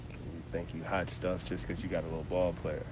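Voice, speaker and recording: An actor playing a petty, jealous ex-boyfriend in a comedy skit, mocking and probing. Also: male voice, deep voice, little pitch movement, brisk, background noise, lightly acted.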